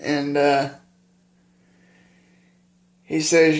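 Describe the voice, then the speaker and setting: A man vlogging casually about his favorite film, halting with lots of filler pauses and plainspoken. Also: a little high, steady tone, darkish tone.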